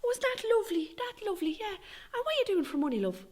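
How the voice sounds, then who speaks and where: Comic bit: a woman doing a high, prying old busybody, sugary and meddling. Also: sing-song, quick pace, a little mellow. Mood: nosy. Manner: prying, falsely sweet. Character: nosy older Irish neighbour woman.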